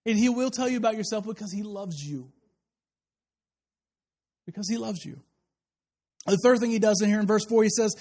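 Casting: young male pastor, very high voice, lively conversational sermon delivery with playful asides. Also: moderate pace, pauses often. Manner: animated, conversational preaching with acted-out asides.

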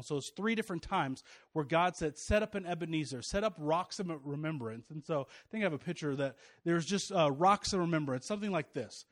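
A high-voiced man in his thirties preaching a relaxed, conversational sermon. He jokes with the congregation and stumbles through restarts and fillers. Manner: chatty, joking, with many restarts and fillers. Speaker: pastor.

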